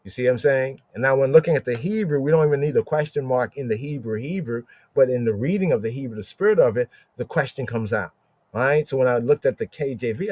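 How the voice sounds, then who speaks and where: A man talks through a scripture passage in an unhurried, conversational way, stopping often to check in with "right?" and to restart his thought. The recording is dull and lo-fi, with a close, dry sound and no room around the voice. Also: mid-range voice, no echo. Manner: thinking aloud, frequent "right?" and "you know", halting restarts. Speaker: podcast host teaching scripture. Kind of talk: casual scripture study talk.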